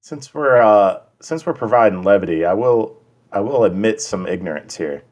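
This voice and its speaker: A man's voice: fairly low pitch, animated, a little mellow. A man co-hosting a podcast, chatting casually and often restarting his sentences. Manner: halting, restarts often while telling stories. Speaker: podcast co-host.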